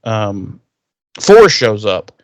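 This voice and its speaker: A man's voice: on the low side, slow pace, dry recording. A man co-hosting a podcast, casually retelling a TV episode with lots of swearing and quoted lines. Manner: profane, animated retelling with quoted character lines. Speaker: podcast co-host. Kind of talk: casual recap chat.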